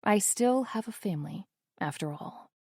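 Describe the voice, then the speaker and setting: A young woman narrating a first-person romance audiobook, wry and intimate, with soft-spoken asides, on a close studio mic. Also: medium pitch, expressive, normal speed, husky, no room sound.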